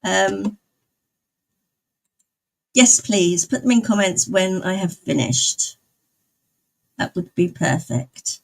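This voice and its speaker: A woman's voice: medium pitch, expressive, slow pace, creaky, pauses often. A woman live streamer chatting casually with her viewers, rambling and often laughing. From outside the United States.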